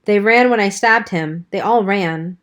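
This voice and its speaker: A woman reading a novel aloud as an audiobook narrator, in a steady storytelling manner. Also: medium pitch, unhurried. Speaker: audiobook reader. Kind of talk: scripted narration.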